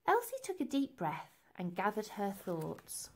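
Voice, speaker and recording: Expressive, unhurried woman storyteller. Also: medium pitch, husky. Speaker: reader. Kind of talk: storybook read-aloud.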